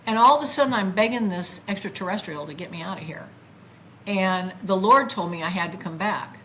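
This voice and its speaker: An older woman, a guest, tells her own story with feeling and acts out her past words in a lively voice. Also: medium pitch, a little fast, a little hiss or hum, rough recording. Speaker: guest recounting a near-death experience. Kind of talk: emotional first-person storytelling.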